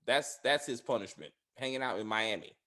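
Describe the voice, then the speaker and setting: A man casually chatting as a podcast host, rambling with many fillers and restarts. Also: moderate pace. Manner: laughs loudly and high. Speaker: podcast host reviewing a TV series. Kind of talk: casual chat.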